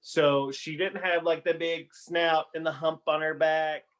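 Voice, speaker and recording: A man's voice: fairly high pitch, little pitch movement, a little slow, fairly bright tone. A podcast host, a man, chatting casually and giving opinionated reviews with plenty of fillers. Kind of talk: casual chat.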